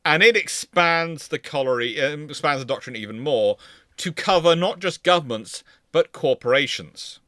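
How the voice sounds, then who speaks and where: A man's voice: on the high side, expressive, normal speed, a bit bright, no echo, studio quality. A man presenting naval history in a casual lecture, rambling and correcting himself as he goes. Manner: rambling, self-correcting, chuckling.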